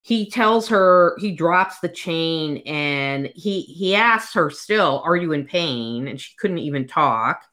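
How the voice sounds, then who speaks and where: Woman, low voice, casual book chat, animated plot retelling. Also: slow, few pauses. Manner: lively retelling of the plot, acts out quotes.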